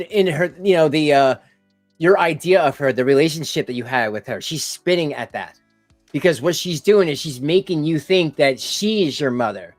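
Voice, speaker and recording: A man's voice: a little high, dry recording. A man doing casual live-stream commentary, rambling with lots of "you know" and "like" and asides to his viewers. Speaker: live streamer reacting to videos.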